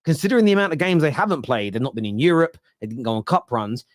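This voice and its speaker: Man calmly debating football. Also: mid-range voice, dry recording, clean studio sound. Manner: measured, reasoned, gently teasing. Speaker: football podcast co-host.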